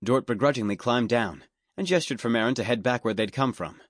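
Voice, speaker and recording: Here a man with a mid-range voice reads a fantasy audiobook from a script, keeping his storytelling steady and measured. Recorded on a studio microphone, the sound is clean with no echo.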